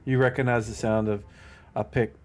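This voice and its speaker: A man's voice: mid-range voice, level tone, normal speed. Man rambling as game master. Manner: rambling, lots of fillers and restarts. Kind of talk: narrating a tabletop game.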